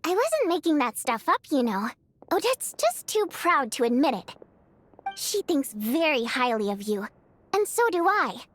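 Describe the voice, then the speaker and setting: An actress voicing a lively, chatty young female lead singer in a video game, excitable and teasing. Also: high voice, a little slow, full character voice. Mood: warm.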